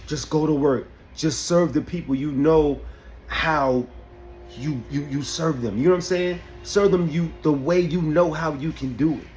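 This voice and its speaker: A man's voice: fairly high pitch, moderate pace, darkish tone, soft background music. A man from Albany giving an unscripted motivational talk, emphatic, often asking "you know what I'm saying". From Albany, New York. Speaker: barber and vlogger.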